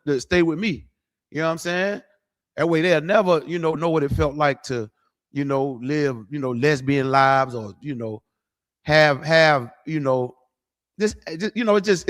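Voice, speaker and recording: A man's voice: on the high side, fairly bright tone. Blunt, profane preaching man. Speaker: street preacher. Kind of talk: livestreamed preaching.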